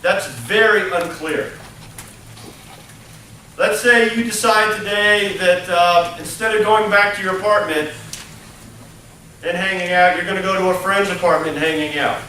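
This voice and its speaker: High-voiced male lecturer in an echoey hall. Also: unhurried, long pauses, pushed and bright, a little hiss or hum. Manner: conversational, tags points with "okay?" and "right?". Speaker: college lecturer. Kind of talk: classroom lecture. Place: lecture room. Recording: echoey classroom from far off.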